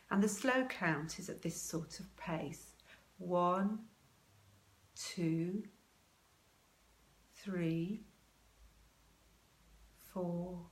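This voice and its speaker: A woman giving parents advice in a live video talk, calm, slow and measured, pausing with many ums as she guides a breathing exercise. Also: medium pitch. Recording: echoey room.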